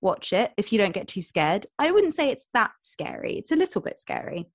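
A young woman co-hosting a podcast in casual chat, retelling plots with quick quoted voices. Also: mid-range voice, very animated, no room sound. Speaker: podcast co-host.

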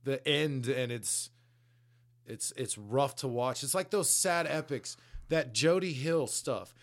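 A man's voice: mid-range voice, slow. A man co-hosting a podcast, casually retelling a story in loose, slangy language with frequent swearing. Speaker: podcast co-host. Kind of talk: casual chat recapping a story.

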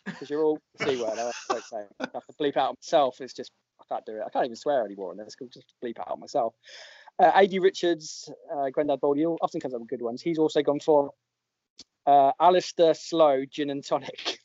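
A podcast host with a fairly high, darkish voice chats casually and a little fast, laughing often while reading out listeners' joke entries. The recording is dry, dull lo-fi podcast audio.

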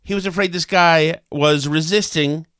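A man's voice: fairly high pitch, steady tone, moderate pace, a bit bright, clear, resonant tone, no echo, clean studio sound. A man hosting a talk show with a New England accent, rambling and sarcastic with many fillers. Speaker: talk radio host. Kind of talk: opinionated casual talk.

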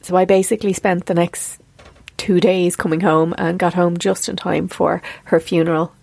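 A woman in her forties hosting a podcast, talking in an earnest, confessional monologue and quick to get emotional. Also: on the low side, steady tone, creaky, darkish tone, no echo. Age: 40s. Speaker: podcast host.

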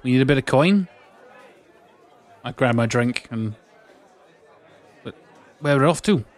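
A man's voice: mid-range voice, lively intonation, unhurried, some chatter behind. A man playing a tabletop game, joking in a bawdy way. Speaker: player. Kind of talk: in-character tabletop role-play.

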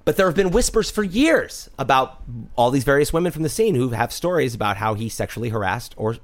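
A man co-hosting a casual talk podcast, telling a story with an animated manner, swearing freely and mimicking the people he quotes. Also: medium pitch, a little fast. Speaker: podcast co-host.

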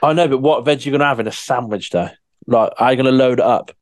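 A man chats in casual podcast banter, eager and teasing as he eggs his co-host on. His delivery is quick to get excited. The sound is dry and close. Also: medium pitch, no room sound.

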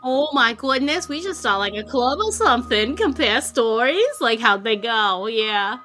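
Woman game runner, high and bright, chatty and folksy. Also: expressive, measured pace, faint music behind. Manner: chatty, folksy small-town diner talk. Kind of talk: in-character tabletop role-play.

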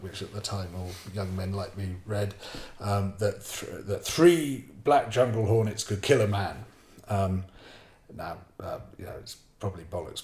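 A middle-aged man telling a story casually, full of ums and hesitations, acting out moments with animated energy. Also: low-pitched, reverberant. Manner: animated, hesitant with many ums, acts out his own panic. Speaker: podcast guest storyteller.

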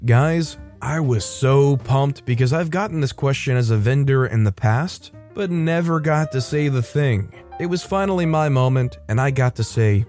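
A man reads reddit stories aloud at a brisk clip and adds wry comments between them. He speaks in a mid-range voice and briefly changes it for the quoted people. Faint guitar music plays under his voice. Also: mid-range voice, a little mellow. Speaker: story narrator.

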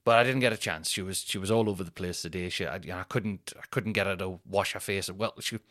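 A man's voice: sits low, brisk, dry recording, clean studio sound. A man, rambling and swearing through a casual solo podcast chat. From North East England. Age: 30s. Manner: rambling and sweary, thinks out loud. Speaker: podcast host.

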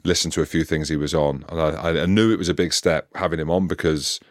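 A man's voice: a bass voice, fairly even intonation, fast, no echo, clean studio sound. A man in his forties hosting a podcast, bantering and teasing his guest, calling people mate. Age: 40s. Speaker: podcast host. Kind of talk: casual podcast chat.

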